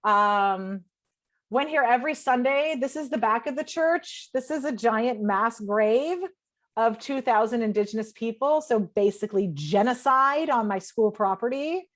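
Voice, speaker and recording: A woman's voice: fairly high pitch, measured pace. Emotional woman telling a personal story. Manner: emotional, swears freely, quotes herself in her head. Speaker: podcast guest.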